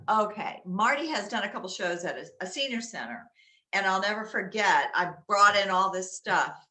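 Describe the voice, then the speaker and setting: A woman with a lowish, forceful, bright voice chats loudly through a how-to about dog games at home. She sprinkles her talk with ums, and the echoey room rings around her. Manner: loud, chatty, with many fillers. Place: inside a home.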